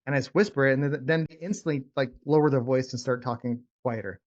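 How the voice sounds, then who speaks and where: A man's voice: medium pitch, fast, muffled recording. Rambling man coaching on a call. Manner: rambling, repeats words, drops to whispers to demonstrate. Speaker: real estate trainer leading a call. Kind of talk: casual coaching talk.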